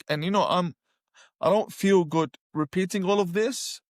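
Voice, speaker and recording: A man's voice: high voice, moderate pace, no room sound, studio quality. A middle-aged man, telling a personal story with emphasis and acting out what he once said. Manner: emphatic, acts out his own past words. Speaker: guest telling his conversion story.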